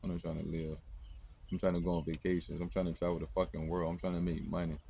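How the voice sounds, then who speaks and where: Rambling, profane man with a low voice. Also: level tone, fast talker, vocal fry, dark tone, a little hiss or hum. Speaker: podcast host. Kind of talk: casual monologue.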